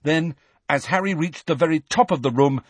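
A man's voice: fairly high pitch, normal speed, breathy edge, dry recording. A man narrating a fantasy novel as an audiobook, telling the tense story with expression. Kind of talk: scripted narration.

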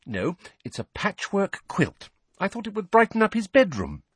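A man reading an audiobook and voicing a clever, earnest teenage witch girl, bright and eager. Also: medium pitch, wildly swooping pitch, moderate pace, slightly rough, no room sound, voice pushed up. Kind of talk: audiobook character voice.

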